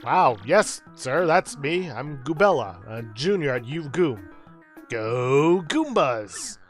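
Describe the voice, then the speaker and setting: A man's voice: on the high side, expressive, slow pace, faint music behind. A man voicing an eager young female student character. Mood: chipper.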